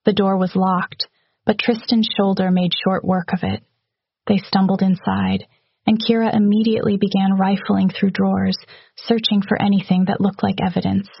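A woman reading a romantic fantasy story aloud in a steady, even narration, with hushed dialogue. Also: medium pitch, moderate pace, gravelly, breathy edge, no echo, lo-fi sound. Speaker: audiobook narrator. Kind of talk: scripted narration.

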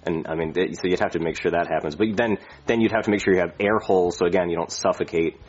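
A man's voice: low-pitched, quick pace, slightly rough. A man voicing a careless, boastful airline pilot who rambles and swears. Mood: cocky. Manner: rambling, cocky, profane. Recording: dull lo-fi recording.

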